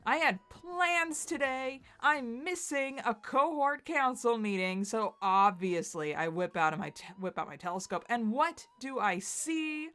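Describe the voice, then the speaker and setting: A woman's voice: a little high, lively intonation, unhurried, hardly any pauses, fairly bright tone, clear, resonant tone. A woman voicing an anxious, melodramatic young man in a dramatic webcomic read-aloud. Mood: fretful. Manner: fretful and melodramatic.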